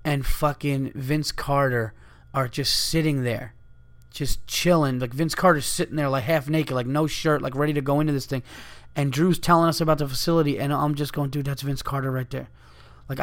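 A man's voice: a little high, a bit bright. A man hosting a podcast, telling a story in a casual, rambling way with lots of swearing, fillers and asides. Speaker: podcast host.

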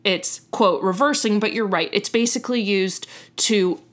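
Young woman, podcast host, casual storytelling, chatty, self-correcting, mid-pitched voice. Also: normal speed. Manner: chatty, self-correcting, laughs at own slips.

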